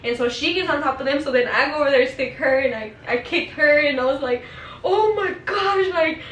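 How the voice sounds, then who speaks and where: A young woman telling family stories in casual chat, animated and quick to laugh. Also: high-pitched, reverberant, recorded from a distance, slight background noise, rough recording.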